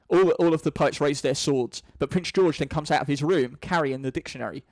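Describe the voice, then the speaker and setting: A man's voice: on the high side, fairly quick, few pauses, a little mellow, no room sound. A man casually reading out stage directions, now and then stumbling over lines. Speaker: reader.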